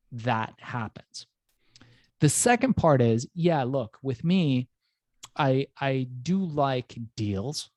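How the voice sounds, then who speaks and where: A man's voice: mid-range voice, a little mellow, no room sound. A man hosting a podcast, telling stories in a rambling, casual way and swearing now and then. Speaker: podcast host.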